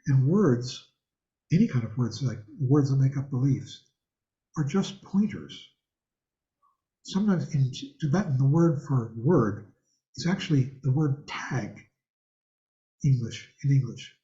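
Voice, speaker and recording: Older man, buddhist teacher, mellow voice, rambling conversational talk, roomy dull video-call sound. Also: mid-range voice. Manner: rambling, conversational, asks the class questions. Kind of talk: online dharma class talk. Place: home room with a hanging thangka.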